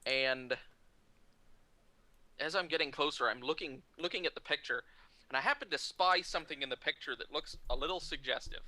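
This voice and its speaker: Bright-voiced man telling a story. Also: fairly high pitch, brisk, dry recording. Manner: lively, chatty storytelling. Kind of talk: casual anecdote telling.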